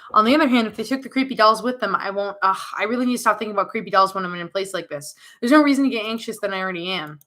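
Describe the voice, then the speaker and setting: A woman's voice: mid-range voice, very fast, hardly any pauses, bright, forceful tone. A young woman streamer who makes jokey, jumpy commentary as she plays a horror game.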